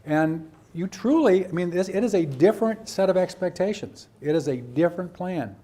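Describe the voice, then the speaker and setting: A man's voice: sits high, animated, normal speed, warm tone. A man giving a lecture to educators, acting out teachers and students and asking rhetorical questions. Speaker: presenter at a teacher training workshop.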